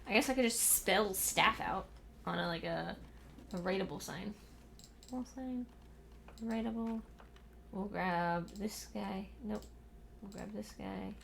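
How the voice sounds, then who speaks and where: At a computer in her home room, a young woman livestreams a building game, muttering to herself and exasperatedly scolding her cat. She speaks slowly with long pauses in a medium-pitched, gravelly voice, over a little hiss or hum.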